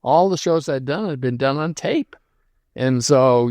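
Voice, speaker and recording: An older man recalls his career in an unhurried, reflective way, full of ums and restarts. His voice sits at an ordinary pitch. The sound is dry and close. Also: animated, a little mellow, no room sound. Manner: reflective storytelling, many fillers. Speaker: guest, lighting designer. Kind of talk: casual interview conversation.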